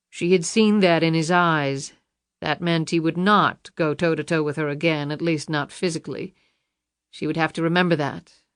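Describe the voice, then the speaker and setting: A woman reading a suspense novel audiobook in a measured, dramatic narration. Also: fairly low pitch, clean tone, no room sound, clean studio sound. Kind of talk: scripted thriller narration.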